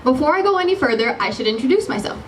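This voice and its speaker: A woman's voice: high-pitched, expressive, racing, far from the mic, slight background noise, low-quality recording. A teenage girl, the class president, giving her graduation speech, bubbly and giggly, apologizing when she loses her place. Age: late teens. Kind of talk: commencement speech.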